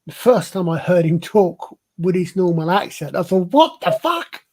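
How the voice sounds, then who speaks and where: A man's voice: high voice, fairly even intonation, moderate pace, mellow. A man with a broad Glasgow accent chatting on a panel, hesitant and restarting his sentences often. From Scotland. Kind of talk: casual panel chat.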